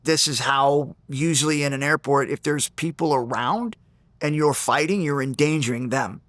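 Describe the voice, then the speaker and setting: A man being interviewed, telling a story in an animated way, acting out the people in it and often restarting and repeating words. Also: on the high side, moderate pace, dry recording. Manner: animated, acts out the people in his stories. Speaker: interview guest.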